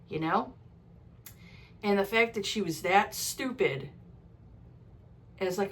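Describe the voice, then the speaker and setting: A woman's voice: mid-range voice, unhurried, long pauses, a little hiss or hum, rough recording. A woman talking casually in a book review vlog, frank and ranting, swearing freely and using lots of "like" fillers. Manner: frequent "like" fillers.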